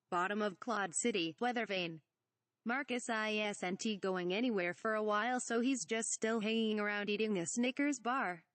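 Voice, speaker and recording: A woman's voice: mid-range voice, no echo. A woman reading a parody script aloud, stage directions and all, saying "asterisk" for the bleeped words. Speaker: reader.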